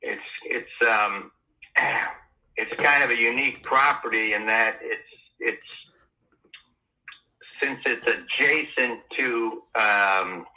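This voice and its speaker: Halting, slow-talking home seller on a muffled call, bright, forceful edge. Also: male voice, mid-range voice. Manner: hesitant, halting, many fillers and throat clears. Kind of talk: phone conversation. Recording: muffled phone line.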